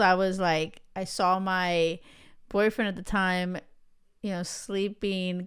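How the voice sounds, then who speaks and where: A woman hosts a podcast, telling her own stories in a loose, chatty way and checking in with her listeners as she goes. Her voice is smooth and clear, sitting at a middling pitch. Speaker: podcast host. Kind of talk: casual storytelling monologue.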